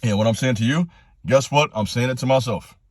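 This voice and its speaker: Guy preaching hard at his viewers, blunt and repetitive, gets loud and high when he's fired up, dry close sound. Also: brisk, no echo. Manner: direct, preachy, repetitive exhortations, rising to passionate pitch. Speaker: channel host giving motivational talks. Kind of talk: fired-up motivational monologue.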